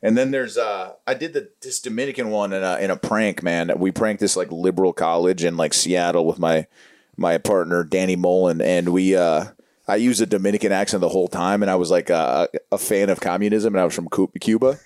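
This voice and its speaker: A man's voice: deep voice, steady tone, a little fast, darkish tone. A young man from Los Angeles, a guest talking casually about pranks and acting in a laid-back, drawling way. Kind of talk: casual interview chat.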